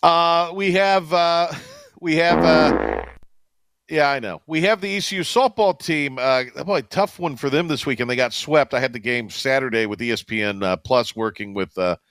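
A man's voice: a little high, animated, a bit bright, no room sound. Rambling man hosting sports radio. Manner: rambling, halting, many fillers and restarts. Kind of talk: casual sports radio chat.

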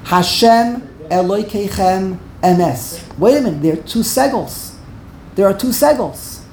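A woman's voice: medium pitch, animated, unhurried, dark tone, slight background noise. A woman teaching a Torah grammar class, emphatic and repeating words while she corrects pronunciation. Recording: echoey room.

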